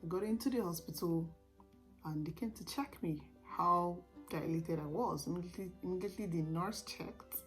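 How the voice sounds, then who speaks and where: A young woman vlogger telling her own story in a casual, animated way, often laughing. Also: on the low side, rough recording.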